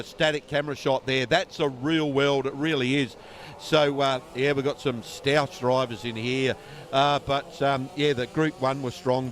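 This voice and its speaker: A man, a former racer, giving chatty, excitable co-commentary on kart racing. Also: a little high, a little hiss or hum. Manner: excitable, chatty, says mate a lot. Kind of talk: live motorsport commentary.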